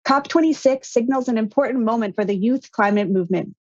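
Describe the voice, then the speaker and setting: Woman moderator, formal scripted, higher pitch, dry muffled sound. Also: brisk, a little mellow, no room sound. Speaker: event moderator. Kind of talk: scripted presenting. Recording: dull dry lo-fi audio.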